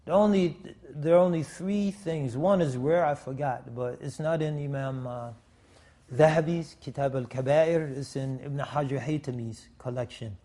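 Emphatic male preacher, mellow voice. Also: a little high. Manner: emphatic, with frequent restarts and Arabic phrases. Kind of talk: sermon.

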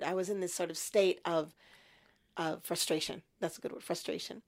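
A woman in her fifties, a guest in an interview, telling a personal story in a lively way and acting out her younger self. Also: fairly low pitch, moderate pace. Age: 50s. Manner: animated storyteller, acts out her past self.

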